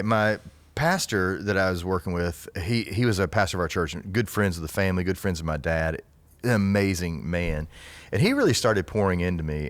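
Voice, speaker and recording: Low voiced guy telling old stories on a podcast, laughs a lot, dry close sound. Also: dry recording. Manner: chatty, laughs easily while telling stories. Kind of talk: casual storytelling on a podcast.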